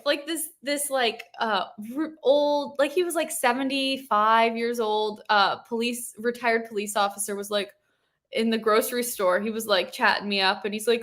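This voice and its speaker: A woman's voice: on the high side, steady tone, normal speed, fairly bright tone. A woman hosting a podcast in a casual interview, enthusiastic and affirming toward her guest. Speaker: podcast host.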